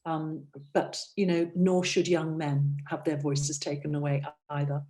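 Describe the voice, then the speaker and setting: A woman's voice: low voice, completely flat delivery, unhurried, warm tone, a little hiss or hum. A middle-aged woman voice coach leading a breathing workshop, demonstrating and encouraging the audience through exercises. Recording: roomy sound, off-mic.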